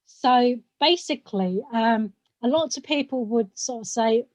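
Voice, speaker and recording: A middle-aged woman from South London, an analytical chemist, explaining her work on a video call in a relaxed way with frequent ums. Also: a little high, unhurried, few pauses, no room sound. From South London, England.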